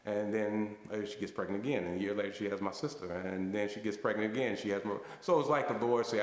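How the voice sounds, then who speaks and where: Guy in his 40s sharing his life story, choked up and halting, lowish voice, big echoey hall. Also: fairly even intonation. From United States. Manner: emotional, halting storytelling with restarts. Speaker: guest speaker at a fundraising banquet. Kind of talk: personal testimony.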